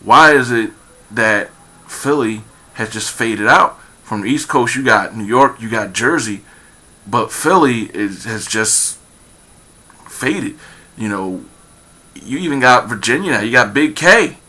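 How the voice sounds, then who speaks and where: A man's voice: medium pitch, expressive, measured pace, sharp tone. A man giving a rambling casual commentary, full of fillers and repeated phrases, turning emphatic as he goes. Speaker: vlogger.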